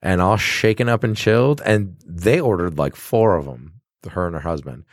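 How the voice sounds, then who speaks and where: A male bartender co-hosts a casual podcast on a close, dry mic. His voice sits on the low side but swings widely in pitch as he tells animated stories and acts out his customers. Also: moderate pace, no echo.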